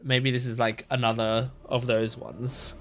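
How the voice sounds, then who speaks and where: A man hosting a reaction video, chatting casually with lots of fillers and rambling excitement. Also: mid-range voice, a little slow. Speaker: reaction channel host.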